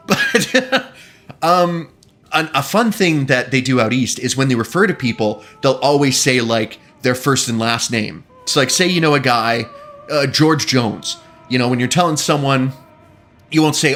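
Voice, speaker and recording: A young man with a faint Eastern Canadian lilt chats while he streams a game. His pitch swings a lot, and he keeps drifting into long asides. He laughs often as he talks. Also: animated, moderate pace, fairly bright tone. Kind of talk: casual chat while gaming.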